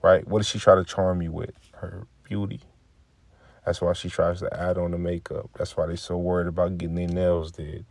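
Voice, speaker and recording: A man with a fairly low voice gives casual religious commentary, reading scripture and riffing on it in a preachy, profane way. He repeats phrases and acts out quoted remarks. The recording is dry and close. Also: flat delivery, normal speed, gravelly, a little mellow, dry recording.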